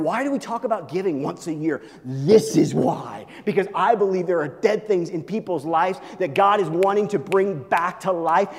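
A man's voice: high voice, a little mellow, big-room sound. A male pastor preaching an emphatic sermon, urging his listeners again and again to listen.

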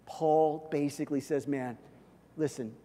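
A man preaching a sermon in a lively, animated way, now and then acting out imagined lines. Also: a little high, measured pace, in a large hall. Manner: animated preaching, acts out God's voice in asides. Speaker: pastor.

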